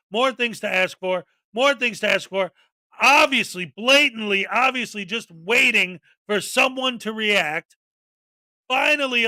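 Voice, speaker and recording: A male show host giving casual, scornful commentary on a video, rising to shouts as he rants. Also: very high-pitched, no echo.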